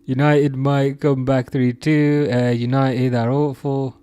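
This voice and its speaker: A man's voice: mid-range voice, little pitch movement, slow pace, warm tone, clear, resonant tone, dry recording, faint music behind. Young man, from England, live stream host, casual chat, laughs a lot, restarts sentences, dry close mic. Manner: chatty, laughs often, many restarts and fillers. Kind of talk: casual live chat reading viewer comments.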